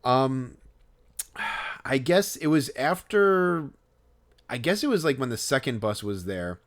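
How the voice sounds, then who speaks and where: A man's voice: medium pitch, big pitch swings, slow. A man co-hosting a podcast, telling a story in casual chat, rambling and hesitant with many fillers and restarts. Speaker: podcast co-host.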